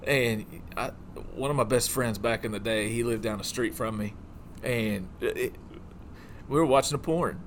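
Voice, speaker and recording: A man's voice: mid-range voice, normal speed. A middle-aged man telling a profane story in casual chat, chuckling and sometimes dropping to a mutter. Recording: noisy room.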